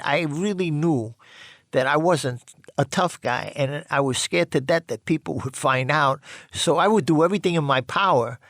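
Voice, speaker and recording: An older man casually telling his own rough life story, blunt and profane, rambling with many restarts. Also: on the high side, a bit bright, dry recording, clean studio sound.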